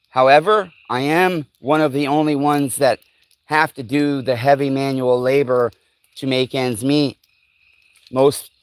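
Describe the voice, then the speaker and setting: A man hosting a livestream from his home, ranting angrily and swearing constantly, swinging between heated outbursts and lower muttering as he moves between rooms. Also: clear, resonant tone. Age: adult parent. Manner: profane, heated and complaining; rising to loud agitation, then muttering lower while walking around. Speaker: livestream host. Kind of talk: angry livestream rant.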